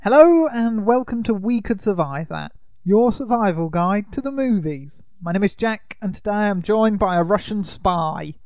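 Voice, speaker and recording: A man hosting a casual film podcast, teasing his co-host in a dry, deadpan way. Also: high-pitched, moderate pace, hardly any pauses, no room sound.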